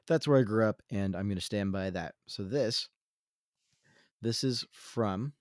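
Low-voiced joking man podcast host. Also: darkish tone, dry recording, clean studio sound. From Central Coast, California. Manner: joking, self-deprecating. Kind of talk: casual chat.

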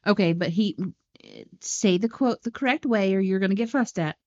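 A woman co-hosting a casual movie podcast, swearing freely and going off on animated tangents. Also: medium pitch, normal speed, dull audio. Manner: profane, tangent-prone, animated. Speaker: podcast co-host.

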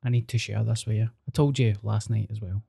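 A young Glaswegian man co-hosts a podcast, spinning a sweary, self-mocking story. His voice sits dark and mellow. He talks loosely and casually. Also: on the low side, fairly even intonation, fairly quick, gravelly, slightly rough. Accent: Scottish, Glasgow. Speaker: podcast co-host. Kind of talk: casual chat.

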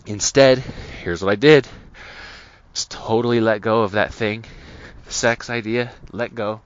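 A man's voice: on the low side, fairly even intonation, measured pace. A man hosting a podcast, telling a personal story in an earnest, casual way with many restarts. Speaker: podcast host. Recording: dull lo-fi recording.

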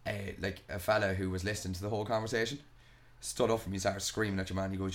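A young Irish man holds forth on a casual podcast, swearing freely as he rants. His voice sits a little low, and he talks at a rapid clip. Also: steady tone. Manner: ranting, swears a lot, retells arguments. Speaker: podcast host.

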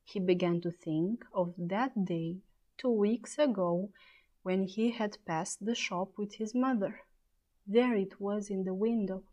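Slow, measured woman storyteller. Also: medium pitch, steady tone, darkish tone. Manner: clear, measured reading aloud. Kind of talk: storybook reading.

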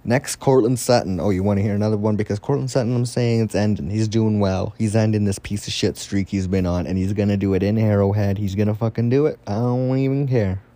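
A young man talks fantasy football picks on his own, cursing freely and rambling as he gets worked up. His voice sits a bit low and sounds mellow and dark. He jumps between excited bursts and offhand asides. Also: fairly quick, few pauses, dry recording. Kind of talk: casual solo commentary.

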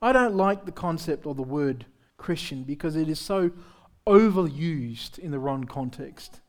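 A pastor preaching a sermon in a candid, conversational way, with self-deprecating humor and frequent rhetorical questions to the congregation. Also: male voice, fairly high pitch, lively intonation, unhurried. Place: church service.

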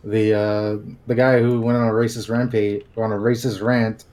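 A man in casual chat, talking quickly with restarts. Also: lowish voice, little pitch movement, darkish tone.

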